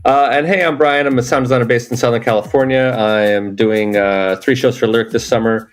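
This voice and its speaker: A man's voice: medium pitch, fairly even intonation, a little fast, soft background music. A man hosting a podcast, talking in a loose, joking way with plenty of fillers, recorded in a hotel room. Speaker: podcast host. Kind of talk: casual chat.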